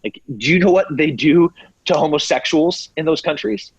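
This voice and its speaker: Animated American man, husky and dry. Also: fairly high pitch, normal speed, dry recording, lo-fi sound. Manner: animated, acts out quoted voices mockingly. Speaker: podcast guest. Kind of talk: impassioned interview talk.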